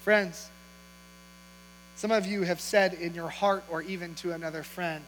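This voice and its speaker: High-voiced pastor preaching in a hall. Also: male voice, fairly even intonation, measured pace, long pauses. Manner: conversational and humorous, teasing the congregation with questions. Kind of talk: sermon. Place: church auditorium. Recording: long hall reverb with faint mains hum.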